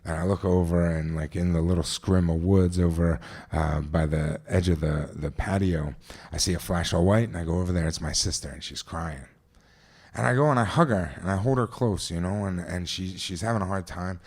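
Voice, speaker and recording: A man's voice: low voice, normal speed, darkish tone. A man from New Jersey telling a vivid first-person story on stage at a live event, talking conversationally with frequent restarts and asides.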